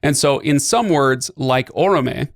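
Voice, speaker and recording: A man's voice: medium pitch, expressive, moderate pace, gravelly, no room sound, clean studio sound. A man hosting a podcast, explaining at length in a casual way with lots of fillers and restarts. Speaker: podcast host.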